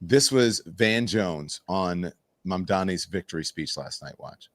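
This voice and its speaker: A man hosting a live panel show, chatty and quick to cut in with questions. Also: deep voice, animated, no room sound. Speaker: talk show host. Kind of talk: casual live panel talk.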